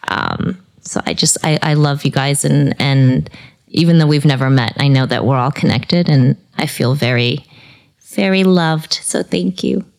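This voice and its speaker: Low-pitched woman, young adult, emotional, rambling, laughing, podcast guest. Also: a little slow, vocal fry, darkish tone. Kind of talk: casual chat.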